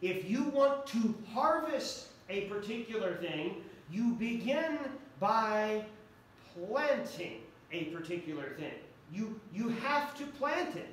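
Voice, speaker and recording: A pastor preaching a sermon earnestly, repeating key phrases for emphasis. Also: male voice, high voice, sing-song, slow, slight background noise. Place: church sanctuary. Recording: echoey church hall from far off.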